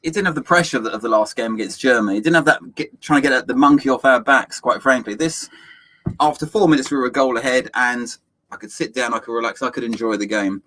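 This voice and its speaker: A man's voice: mid-range voice, fast, pushed and bright. A man co-hosting a casual football chat, slipping in dry joking asides. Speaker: football podcast co-host. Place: indoors, seated next to co-host. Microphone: shared new microphone.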